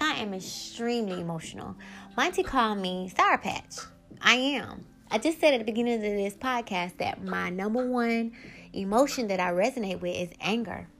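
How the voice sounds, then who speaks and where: A woman, hosting her own podcast in a casual monologue that turns heated as she vents. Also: medium pitch. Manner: animated, rising to heated venting. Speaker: podcast host.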